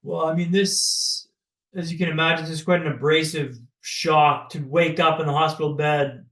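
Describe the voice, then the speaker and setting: A man from Canada, a podcast guest, telling a personal story in a dramatic, paced way with pauses. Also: a little high, flat delivery, a bit bright, echoey room.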